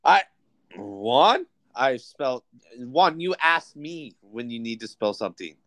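A young man hosts a loose podcast chat, trash-talking his friend and swearing freely. His voice sits at an ordinary pitch, recorded close and dry with no room sound. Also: big pitch swings, unhurried, fairly bright tone, no echo. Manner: joking, swears a lot, teasing. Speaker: podcast host. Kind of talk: casual chat.

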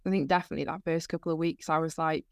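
A woman's voice: sits low, fairly even intonation, racing, vocal fry, dry recording, studio quality. A young woman at university, telling her story in casual podcast chat, earnest and full of "like"s. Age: young adult. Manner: earnest storytelling, many fillers like "like". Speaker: university student guest.

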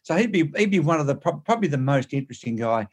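A man's voice: fairly high pitch, big pitch swings, fast. A man, a guest in an interview, telling anecdotes in an emphatic way, often repeating words and restarting phrases. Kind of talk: animated anecdotal storytelling.

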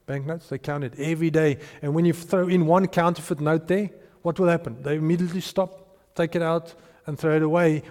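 A man preaching a sermon as pastor, earnest, building emphasis and letting phrases trail off softly. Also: high-pitched, in a large hall.

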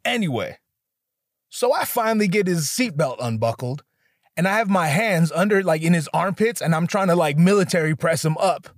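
A young man doing stand-up storytelling, animated and profane, jumping into voices for the people he quotes. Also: fairly high pitch, normal speed, no room sound, studio quality. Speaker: stand-up comedian.

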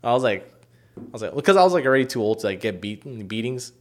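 Fast-talking young man telling a story. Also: medium pitch, big pitch swings. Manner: profane, rambling, many fillers, acts out quotes loudly. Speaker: storyteller in casual podcast chat. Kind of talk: casual chat.

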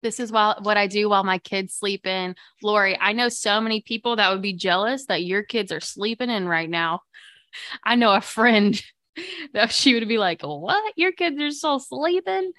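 A woman's voice: medium pitch, steady tone, moderate pace, sharp tone, no room sound, clean studio sound. A woman hosting a live morning podcast, chatting casually and upbeat with viewers, with many fillers. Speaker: livestream podcast host.

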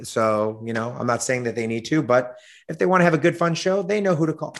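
A hoarse young man, a fitness coach on a podcast, talking in an energetic, jokey, hyped way. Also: mid-range voice, quick pace. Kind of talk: casual podcast chat.

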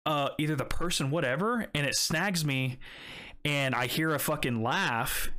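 A man's voice: fairly high pitch, normal speed, pushed and bright. A young man casually telling a story, swearing often and rambling with many fillers. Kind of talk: casual chat.

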